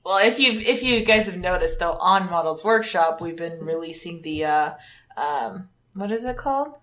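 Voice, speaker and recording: A woman's voice: lowish voice, expressive, normal speed, a bit bright. A woman co-hosting a casual podcast, talking in a hesitant, scattered way. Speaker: podcast co-host.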